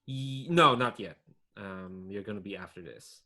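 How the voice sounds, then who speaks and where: A man's voice: fairly low pitch, measured pace, sharp tone. A man acting as game master of a tabletop game, thinking aloud casually with many fillers.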